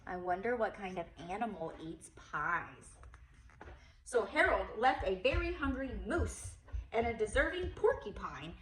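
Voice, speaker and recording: A young woman, a preschool teacher, reading a picture book aloud to a toddler in an animated, coaxing, sing-song way. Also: mid-range voice, measured pace, reverberant, distant mic, slight background noise, rough recording.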